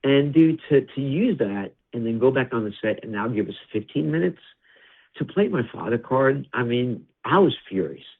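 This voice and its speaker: A middle-aged male producer, a guest on an interview, telling stories in a blunt, animated way and swearing freely. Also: medium pitch, normal speed, vocal fry, breathy edge. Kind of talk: candid interview storytelling. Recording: tinny phone-like audio.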